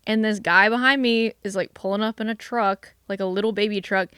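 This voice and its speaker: A young woman co-hosting a casual podcast, telling animated, swear-filled stories full of "like"s. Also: medium pitch, brisk, smooth, dry recording, studio quality. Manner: animated, profane storytelling with many "like"s. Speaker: vlogcast co-host. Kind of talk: casual chat.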